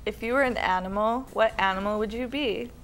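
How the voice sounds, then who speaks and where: A woman on a mock dating show, asking questions in a relaxed, playful way. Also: fairly high pitch, brisk, a little hiss or hum. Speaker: contestant. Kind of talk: casual game show questions.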